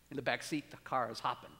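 Man in his sixties preaching in a reverberant church. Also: normal speed. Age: 60s. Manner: animated, rising to emphatic peaks then dropping low. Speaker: pastor. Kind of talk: sermon. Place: church sanctuary.

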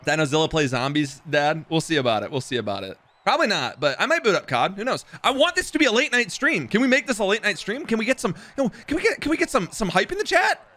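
A young man streaming a football video game, chatting casually with his viewers, excitable and swearing, with sudden loud outbursts. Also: high voice, fast talker, few pauses. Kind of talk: live game stream commentary.

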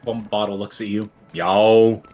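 A man's voice: fairly low pitch, little pitch movement, a little slow, over music. A man chatting in voice chat on a game stream, goofy and teasing. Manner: goofy, teasing, bursts into silly singing. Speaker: friend in voice chat.

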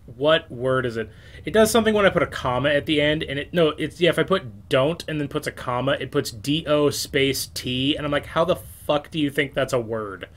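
A man's voice: on the high side, brisk, fairly bright tone. Rambling, self-mocking man playing a game. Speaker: game streamer. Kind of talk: let's play commentary.

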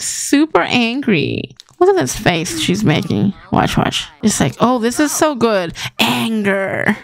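A young woman hosting a gaming channel chats her way through play, narrating and coaxing her characters along. Her slightly high voice swoops through a lively range, recorded dry and close with no room echo.

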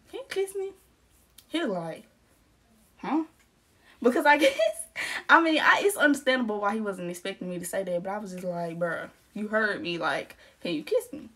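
A woman's voice: mid-range voice, fairly bright tone, slightly rough. A young adult woman telling a storytime vlog in casual, slangy chat, laughing often and acting out the quotes. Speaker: storytime vlogger.

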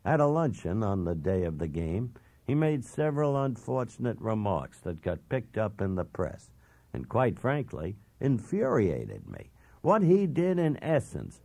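A man's voice: lowish voice, dark tone, dry recording. A man narrating a first-person memoir audiobook in a blunt, self-assured, emphatic way.

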